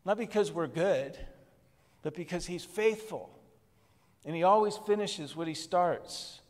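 A man preaching to his congregation in a relaxed, conversational way, breaking into soft laughs now and then. His voice sits a little high. Long reverb from the church hall trails behind his words. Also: measured pace. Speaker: pastor. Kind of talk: sermon. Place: church worship service.

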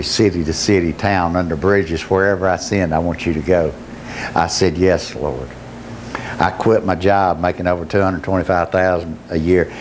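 A middle-aged man preaching his testimony as a pastor, telling his story with emotion that climbs into shouting. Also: low-pitched, slight background noise. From Georgia, US. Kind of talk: testimony sermon.

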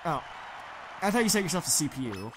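A woman giving casual, excitable commentary while playing a video game with a friend, shouting at the screen. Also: low voice, brisk, noisy background. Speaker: let's play co-host.

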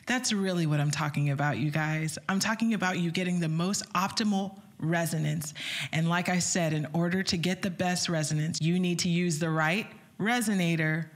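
A woman's voice: lowish voice, moderate pace. A woman vocal coach giving an upbeat online singing lesson, talking straight to her viewers and breaking into short sung vowel demos.

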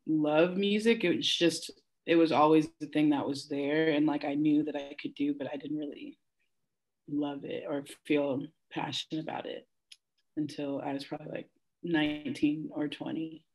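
A woman's voice: deep voice, darkish tone. A young woman, a singer and worship leader, talking as a guest in a casual interview over a video call, chatty and given to laughter as she tells stories.

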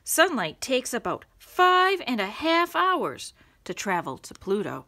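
A polite, earnest young schoolboy from a children's storybook, read by a woman, explaining things carefully and step by step. His voice is bright and lively, and he takes his time. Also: a little high, unhurried, pitched above the performer's own voice, heavily acted.

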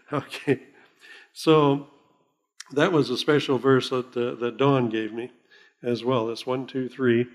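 An older man gives a sermon in a folksy, rambling way. He chuckles often and slows down when he reads scripture aloud. His voice sits at an ordinary middle pitch. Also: steady tone. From Oklahoma. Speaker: pastor.

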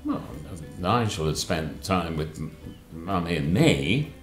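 An older man with a low voice that swings a great deal as he tells his stories. His plummy rambling sits in a roomy, echoing space with faint music behind. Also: sing-song, slow. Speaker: guest, father of the host. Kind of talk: anecdotal storytelling chat.

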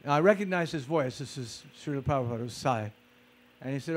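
A man telling personal stories in a lecture, conversational and animated, acting out footsteps with vocal sounds. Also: medium pitch, brisk. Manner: conversational, with fillers and repeated starts. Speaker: speaker recounting personal stories. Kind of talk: storytelling lecture.

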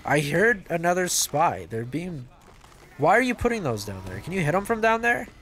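A man giving casual, excitable gameplay commentary as a video host, swearing and joking to himself. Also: a little high, moderate pace, slight background noise. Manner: excitable, yells and swears at the game; jokey self-talk.

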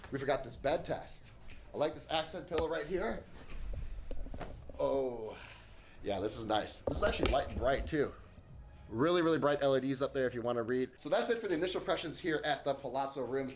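A man's voice: medium pitch, a little hiss or hum. Chatty man touring a hotel suite. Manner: chatty, enthusiastic, thinks aloud. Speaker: hotel reviewer. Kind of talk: casual room-tour vlog.

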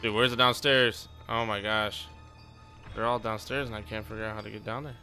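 A man's voice: lowish voice, fairly even intonation, fairly quick, bright, forceful tone, soft background music. A man giving casual, jokey commentary on a game he is playing, talking to his viewers and now and then putting on silly voices. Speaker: gaming YouTuber.

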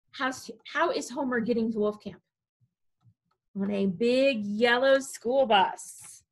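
A woman with a fairly high voice reads a picture book to preschoolers at a library storytime. She takes her time over each line and stays animated, stopping to ask the children questions. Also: slow. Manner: animated, talks to children directly.

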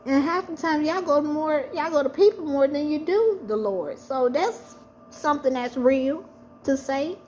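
Woman, high voice, personal testimony, earnest, emphatic repetition. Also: expressive, normal speed, a little mellow, slight background noise. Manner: earnest and emphatic, repeating phrases for stress. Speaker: person sharing her faith testimony.

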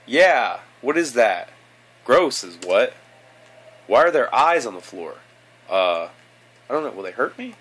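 A man's voice: mid-range voice, sing-song, measured pace, pauses often, fairly bright tone, husky. A young man from Kentucky with a Kentucky accent, giving profane, sarcastic commentary while playing a game, moving between mutters and outbursts. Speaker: let's play host. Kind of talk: gaming commentary.

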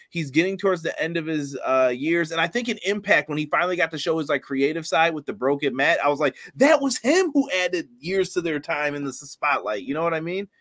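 A man's voice: on the high side, a bit bright. A man co-hosting a casual wrestling review chat, laughing often and reading out viewer comments. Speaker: podcast co-host.

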